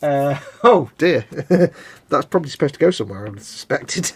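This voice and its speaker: A man's voice: a little high, expressive, moderate pace, slightly rough. A British man co-hosting a casual live stream, playfully chatting and teasing while building a model kit. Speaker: co-host.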